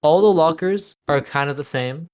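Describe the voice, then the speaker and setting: A man's voice: fairly high pitch, moderate pace. A man co-hosting a casual gaming podcast, laughing often and trailing off mid-sentence. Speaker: podcast co-host.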